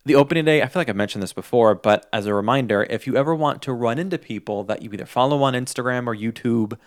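A man's voice: mid-range voice, quick pace, no echo, clean studio sound. A young adult man co-hosting a podcast in casual chat, enthusiastic and rambling as he tells stories. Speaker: podcast co-host.

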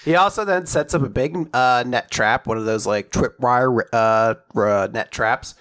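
A man's voice: medium pitch, moderate pace, fairly bright tone. A young man in casual chat, animatedly retelling a chapter and jumping into character voices as he goes. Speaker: podcast co-host recapping a manga chapter.

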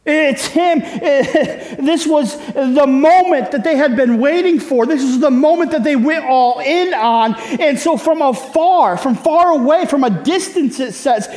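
Male pastor, very high voice, unhurried delivery, chatty preaching with rhetorical asides. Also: a little mellow, long reverb tail. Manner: conversational preaching with rhetorical questions. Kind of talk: sermon.

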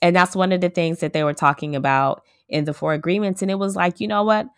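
Low-voiced woman podcaster in her thirties. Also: fast, clear, resonant tone, no room sound, clean studio sound. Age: 30s. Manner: earnest, reflective, addresses listeners directly. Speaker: podcast host. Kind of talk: casual solo podcast talk.

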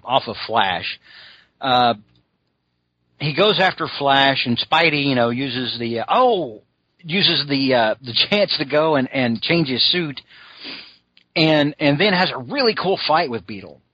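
Husky, bright-voiced man rambling casually. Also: mid-range voice, lively intonation, unhurried, no echo, lo-fi sound. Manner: rambling, many fillers and restarts. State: scratchy throat, clearing it often. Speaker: podcast host reviewing a cartoon. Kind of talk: casual chat.

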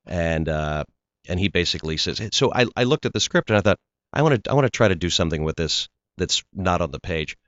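A man's voice: low-pitched, animated, fast, a bit bright, no echo. A male actor being interviewed, telling rambling stories about his work with frequent restarts. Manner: rambling storyteller, restarts often. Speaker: actor guest. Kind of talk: casual interview chat. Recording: slightly dull lo-fi sound.

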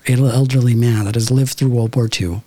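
A podcast guest in his thirties from Southern California tells a reflective, spiritual story in a casual way, filling it with "like" and "you know." His mid-range voice is steady, fairly quick and dark in tone, with no room sound.

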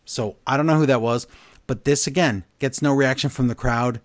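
Guy on a podcast recapping stuff, blunt opinions, mid-pitch voice, dry close sound. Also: normal speed, no echo. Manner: animated storyteller, blunt and opinionated. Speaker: podcast co-host. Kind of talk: casual wrestling recap chat.

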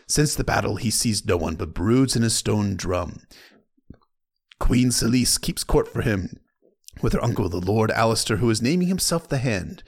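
A man voicing a sly old male pirate captain who speaks in stilted, foreign-sounding phrases and drops his voice low. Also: gravelly, exaggerated voice.

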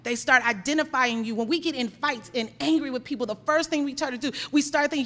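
This is a woman pastor with a high voice, preaching a sermon to her congregation. She tells a story in a lively way and then drives her points home with emphasis. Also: quick pace, hardly any pauses.

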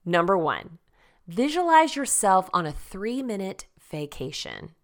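A woman's voice: medium pitch, big pitch swings, a little slow. A woman hosting a lifestyle segment, chatty and upbeat, laughing easily as she goes through tips. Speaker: host.

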